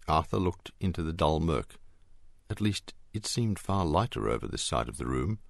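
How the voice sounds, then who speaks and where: A man reading an audiobook in a measured, expressive scripted narration. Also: deep voice, vocal fry, no echo, studio quality.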